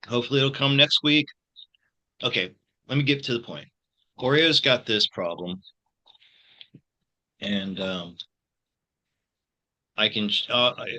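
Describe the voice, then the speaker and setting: Halting bright-voiced man in his sixties. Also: fairly low pitch. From United States. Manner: halting, many restarts and fillers. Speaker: tarot reader and channel host. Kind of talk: casual personal talk to viewers.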